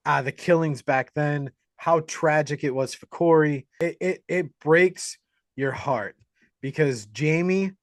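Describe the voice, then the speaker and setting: Animated man recapping a horror movie. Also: on the high side, slow pace, no room sound, studio quality. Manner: animated retelling with crude jokes and impressions. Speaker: podcast co-host.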